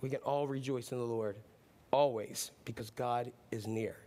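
Male pastor preaching a relaxed, chatty sermon, with ums, rising to loud lines and dropping to near-quiet asides. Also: mid-range voice, moderate pace, slight background noise. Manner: swings between loud preaching and soft hushed asides; casual and chatty, with frequent ums.

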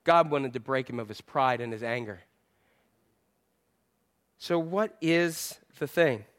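A male pastor preaching a sermon in a church, animated and playful, repeating phrases to drive a point home. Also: mid-range voice, takes it slowly.

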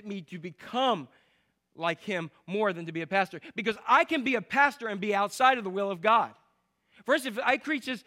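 A man preaching a sermon as pastor, animated, acting out the people in his stories. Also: high voice. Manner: animated storytelling, acts out quotes.

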